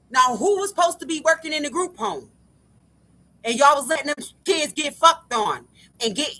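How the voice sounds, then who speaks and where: High, sharp-voiced woman ranting angrily. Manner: angry, profane, keeps repeating "like I said". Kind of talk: ranting monologue to camera.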